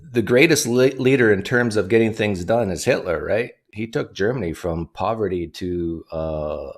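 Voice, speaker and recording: A man hosting a livestream, talking casually and reading donation messages aloud. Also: lowish voice. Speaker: livestream host.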